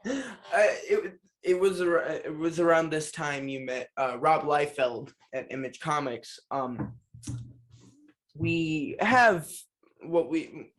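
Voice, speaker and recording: A man hosting a casual interview, laughing along and asking questions with halting pauses. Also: on the high side, expressive, fairly bright tone. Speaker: podcast host, interviewer.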